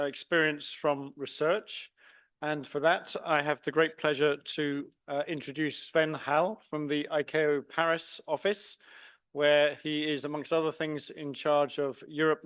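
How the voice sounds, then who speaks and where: A man with a fairly high voice moderates a conference session. He introduces speakers briskly and in a friendly way. The recording is dry and close. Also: a bit bright, clean tone, no echo.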